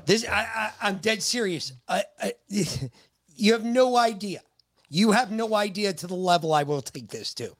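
Man with a high, swooping voice ranting with a foul mouth. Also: lively intonation, moderate pace. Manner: angry, profane ranting, shouts at times. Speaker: podcast co-host. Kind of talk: casual podcast chat.

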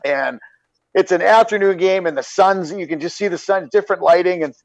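A middle-aged man, a former hockey player, telling rambling, animated stories in casual chat. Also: high-pitched, fairly quick, gravelly, no room sound, dull audio. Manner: rambling, animated when acting out anecdotes.

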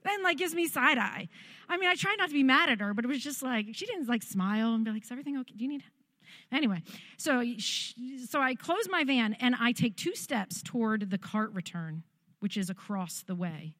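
A woman pastor telling a story in a sermon, animated and humorous. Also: fairly high pitch, moderate pace, no room sound.

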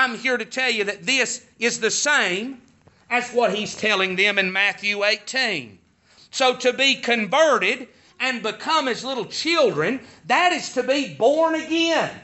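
Bright high-voiced preacher, lo-fi. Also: male voice. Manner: emphatic preaching, repeating words for stress. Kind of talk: sermon.

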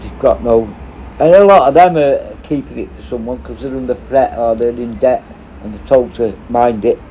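With a mellow, mid-range voice at a normal pace, this man draws on his time as a prison officer for rambling, curse-heavy stories told in casual conversation. The sound is dull and lo-fi, carrying faint noise.

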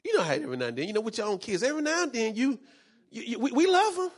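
High, husky-voiced male pastor preaching. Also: sing-song, very fast. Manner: fervent preaching, repeated phrases, frequent amens. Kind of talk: sermon.

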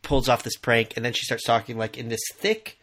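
A man's voice: medium pitch, animated, brisk, fairly bright tone. A man hosting a podcast, chatting casually and laughing often about a TV show. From US Midwest. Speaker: podcast host. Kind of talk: casual chat.

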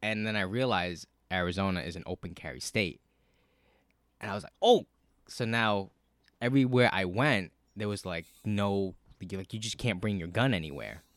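A man telling a story in casual podcast chat, cursing a lot, with many fillers and animated bursts. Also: low-pitched, moderate pace, no room sound. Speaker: podcast co-host.

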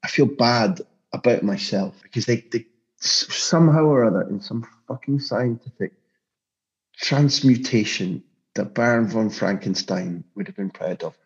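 Impassioned low-voiced man, lo-fi sound. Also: moderate pace. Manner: passionate, emphatic, frequent restarts. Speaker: football journalist guest. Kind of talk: podcast interview. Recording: dull lo-fi sound.

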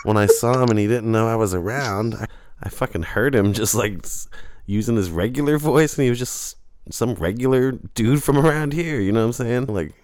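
A man co-hosting a podcast, telling a long rambling story in a casual, profane and animated way, laughing often. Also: mid-range voice, moderate pace. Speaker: podcast co-host.

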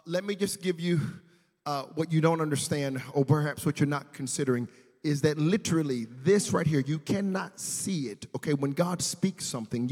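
A man's voice: fairly high pitch, a little mellow. A man preaching a sermon as pastor, speaking straight to the congregation and building to fervent declarations. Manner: preaching with rising fervor, addressing the congregation directly. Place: church sanctuary. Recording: long reverb of a large church hall.

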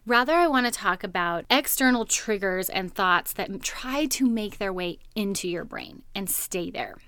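A woman hosting a podcast, telling a personal story in a casual, animated way and laughing often. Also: mid-range voice, normal speed, smooth, no echo.

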